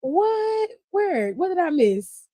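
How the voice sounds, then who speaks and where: A woman with a high, bright voice hosts a casual live stream, recapping wrestling. She talks in an animated, profane way and laughs often. The sound is dry and close. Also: takes it slowly, no room sound. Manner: animated, profane, laughing, reads chat aloud.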